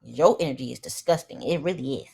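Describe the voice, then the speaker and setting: A woman's voice: very deep voice, quick pace, gravelly, a little mellow, breathy edge. A young woman recapping a reality show in blunt, profane, opinionated casual commentary.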